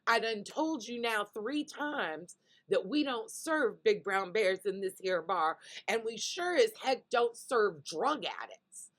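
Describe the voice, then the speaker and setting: Brief: hard-headed country bartender, slow and firm, as a woman plays him. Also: medium pitch, animated, fairly bright tone. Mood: stern. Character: stubborn folksy male bartender.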